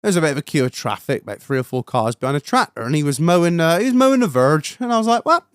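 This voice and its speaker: A young British man, a podcast host, telling a story in casual chat, animated, swearing and laughing as he goes. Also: a little high, racing, hardly any pauses, clear, resonant tone, no room sound, clean studio sound.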